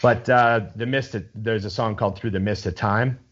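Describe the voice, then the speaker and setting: Low-voiced man rambling enthusiastically. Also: fairly even intonation, moderate pace, a bit bright, dull audio. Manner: rambling, enthusiastic, swears freely. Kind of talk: casual chat.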